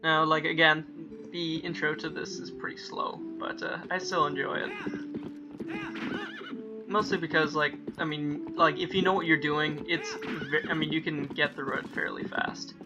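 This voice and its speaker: This young gamer's let's-play commentary wanders casually, with frequent mid-sentence self-corrections and game dialogue read out in silly, playful voices. He speaks a little slowly with long pauses, his pitch fairly high and his intonation fairly even. It's recorded on a dull lo-fi mic, with faint game music in the background.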